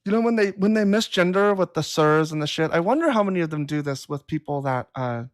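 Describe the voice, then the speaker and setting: A woman's voice: on the low side, expressive, fast. A woman hosting a live stream, talking casually and replying to chat comments in a blunt, profane, exasperated way. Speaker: livestream host. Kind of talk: casual livestream talk reading chat comments.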